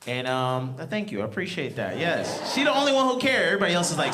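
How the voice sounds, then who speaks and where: A man's voice: fairly high pitch, huge pitch swings, fast talker, heavy background noise. A man in his thirties from New York doing a stand-up comedy set in a club, telling stories in loose slang with laughing asides. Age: 30s. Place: comedy club with live audience. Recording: loud crowd in a club.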